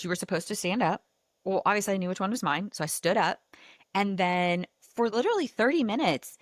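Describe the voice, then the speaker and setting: A lowish-voiced woman hosts a podcast and talks through a personal story, animated and chatty, with "like" scattered through her sentences. Her close mic sounds dry, with almost no room around her voice. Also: dry recording. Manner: animated, chatty, heavy use of filler "like". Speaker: podcast host. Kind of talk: casual storytelling chat.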